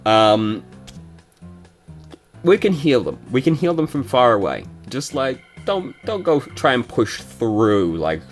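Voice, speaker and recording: A young man giving casual, swearing-prone commentary while reviewing someone's gameplay, with quick asides to the viewer. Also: medium pitch, very animated, faint music behind. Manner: swears and rants when frustrated, quick asides. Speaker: game reviewer.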